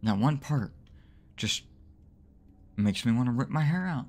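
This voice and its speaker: A man commentating his own gameplay, swearing and mocking himself in exasperated rants, with sudden high yelps when frustrated. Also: lively intonation, measured pace, pauses often, darkish tone. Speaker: let's play gamer.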